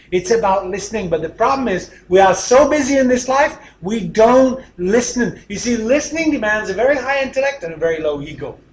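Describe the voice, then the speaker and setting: A man giving a motivational teaching talk, emphatic, often dropping to a quiet voice for effect. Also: high voice, echoey room, a little hiss or hum. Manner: emphatic, with dramatic drops to a quiet voice. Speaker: speaker teaching a session.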